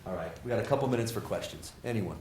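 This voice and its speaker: A man, a professor, giving a lively motivational talk to students, joking and asking the audience questions. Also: fairly low pitch, very fast, slight background noise. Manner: animated, jokey, asks the audience questions. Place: lecture hall with audience. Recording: roomy hall sound.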